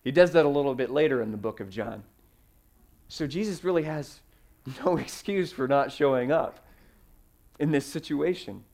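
A man preaching a sermon, telling stories with fillers and sudden swings in loudness. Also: medium pitch. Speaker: pastor.

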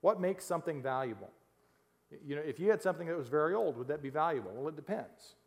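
Animated preacher man, high voice. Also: quick pace. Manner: animated, jokey asides with laughs, reads scripture then explains. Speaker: pastor. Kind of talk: sermon.

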